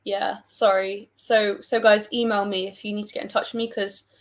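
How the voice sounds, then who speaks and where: A woman's voice: mid-range voice, flat delivery, normal speed. Woman, young adult, southern English accent, casual livestream chat, rambling, self-deprecating. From England. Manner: chatty, rambling, self-deprecating, reads out viewer comments. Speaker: livestream host.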